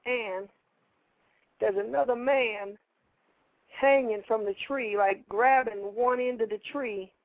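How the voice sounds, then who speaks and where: Man, high voice, gravelly, rambling colloquial storytelling, radio co-host. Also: fairly even intonation, takes it slowly, pauses often, dry recording, rough recording. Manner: rambling, colloquial, repeats phrases. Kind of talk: casual storytelling.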